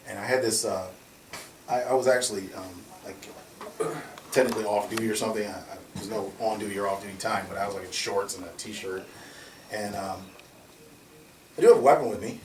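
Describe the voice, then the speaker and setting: A man casually telling a story in an animated way, laughing often and acting out the voices in his quotes. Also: lowish voice, a little fast, pauses often, distant mic, slight background noise. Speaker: security company founder telling a story. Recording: echoey room from off mic, faint ambience.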